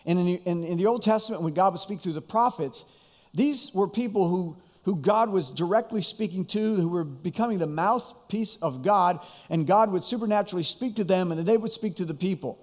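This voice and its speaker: Man, pastor, sermon, high voice, repeats and restarts, long hall echo. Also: brisk, darkish tone. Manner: conversational, with frequent repetitions and restarts.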